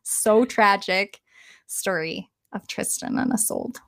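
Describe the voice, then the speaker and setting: A woman co-hosting a podcast, retelling an old legend in a casual, animated chat and laughing often. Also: mid-range voice, slow pace, no echo, studio quality. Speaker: podcast co-host.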